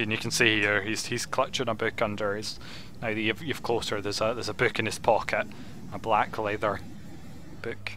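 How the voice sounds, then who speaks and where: A man's voice: lowish voice, level tone, moderate pace, bright, forceful tone, a little hiss or hum. A man narrating a tabletop game as game master, casual and stumbling, often repeating words.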